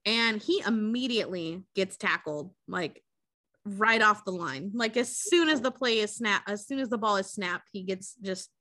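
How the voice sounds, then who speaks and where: A woman's voice: medium pitch, moderate pace. A young woman co-hosting a podcast, recapping a movie in casual chat, swearing freely and acting out the characters' lines. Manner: profane, animated storytelling with acted quotes. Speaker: podcast co-host.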